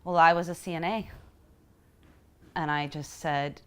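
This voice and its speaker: A woman telling a personal story in a reflective, emotional way, pausing often as she speaks. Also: low voice, steady tone, a bit bright, clear, resonant tone. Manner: reflective and emotional, halting with pauses. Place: Houston.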